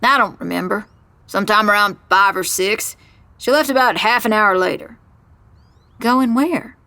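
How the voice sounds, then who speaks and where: A woman doing a gruff Kentucky stable manager. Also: mid-range voice, normal speed, bright, forceful tone, no echo. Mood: irritated. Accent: central Kentucky. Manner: curt, irritated. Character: gruff middle-aged male stable manager.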